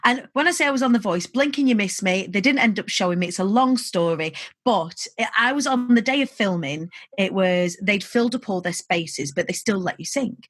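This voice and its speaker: A woman speaking as a podcast guest in casual conversation, an expressive and animated storyteller. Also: mid-range voice, brisk, few pauses, no room sound. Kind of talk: casual chat.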